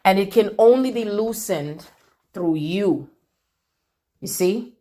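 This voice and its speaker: Slow incantatory woman channeler. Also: mid-range voice, expressive. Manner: incantatory, repeating phrases, swings from loud declaring to near-whispers. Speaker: spiritual channeler. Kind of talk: channeled spiritual message.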